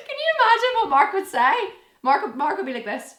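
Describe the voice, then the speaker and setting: A fitness vlogger in her thirties answers viewer questions in casual chat straight to camera, blunt and sassy, cursing freely and imitating people in playful voices. Her slightly high voice swoops wildly in pitch at normal speed, sounding a bit bright in a roomy space.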